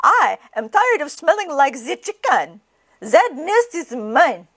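A woman's voice: sits high, sing-song, slow pace, a bit bright, voice pushed up, heavily acted. A woman voicing a fussy, huffy duck who exclaims in French.

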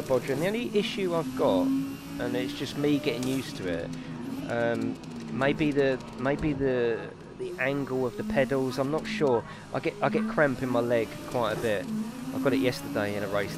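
Lively man chatting while streaming. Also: medium pitch. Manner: chatty, swears, exaggerated. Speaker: streamer hosting races. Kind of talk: casual live-stream chat. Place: home room in racing rig.

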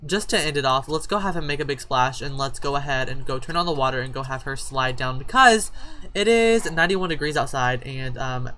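A woman with a rumbling low, fairly bright voice talks a little fast through casual life-sim let's play commentary as a gaming YouTuber, chatting and parentally scolding her game characters. A little hiss or hum is audible.

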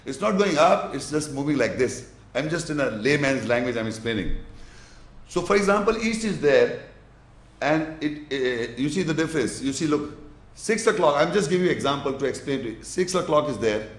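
Man giving a slow, probing religious lecture. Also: medium pitch, echoey room. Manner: explains slowly with gestures, checks the audience's understanding. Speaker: Islamic lecturer.

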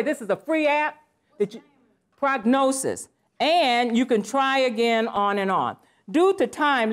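Older female presenter, animated and playful, fairly high voice, live conference talk. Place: conference session room.

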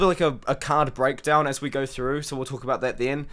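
A hoarse man hosting an MMA analysis channel, giving casual, rambling fight-prediction commentary full of "like". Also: medium pitch, level tone, a little fast, a bit bright. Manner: chatty, rambling, lots of "like". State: hoarse from screaming.

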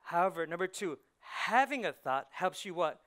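A male pastor delivers a lively sermon in a church, his voice sitting high for a man. He fires rhetorical questions at the congregation and slips into the voices of the thoughts in people's heads, swinging between hushed asides and loud, pushed lines. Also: moderate pace. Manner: animated preaching, acting out inner voices, rhetorical questions. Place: church sanctuary.

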